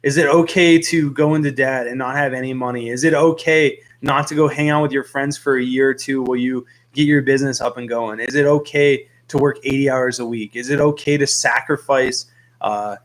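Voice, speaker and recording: A man's voice: medium pitch, fairly even intonation, brisk, a bit bright. A young man who owns a fish store, talking casually to camera from his shop in an earnest, rambling way with lots of fillers. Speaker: fish store owner and YouTube host.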